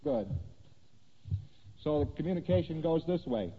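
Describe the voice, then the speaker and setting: A man giving a lecture, talking through diagrams in a conversational, animated way and checking that listeners follow. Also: mid-range voice, normal speed, long pauses. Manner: conversational, animated, asking "see that?". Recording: dull lo-fi recording in a reverberant hall.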